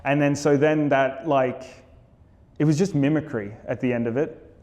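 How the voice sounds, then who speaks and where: A man's voice: mid-range voice, fairly even intonation, moderate pace, darkish tone, long reverb tail. A young Australian man, an actor, chatting animatedly as an interview guest, telling stories with laughs. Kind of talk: casual interview chat.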